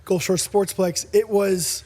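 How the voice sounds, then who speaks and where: A man's voice: sits high, slow. A man co-hosting a podcast in casual chat, animatedly telling stories and acting out the dialogue. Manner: animated storyteller, acts out dialogue. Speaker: podcast co-host.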